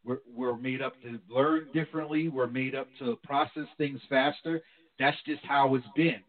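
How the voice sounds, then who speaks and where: A man's voice: mid-range voice, moderate pace. A man from New Jersey, a pastor, talking candidly and reflectively in a casual talk show chat. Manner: candid, reflective, animated when quoting his wife. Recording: tinny phone line.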